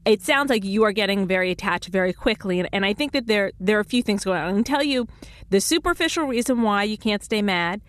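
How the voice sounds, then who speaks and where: A woman in her thirties hosting a call-in relationship advice radio show, explaining quickly with many restarts and laughing easily. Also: medium pitch, lively intonation.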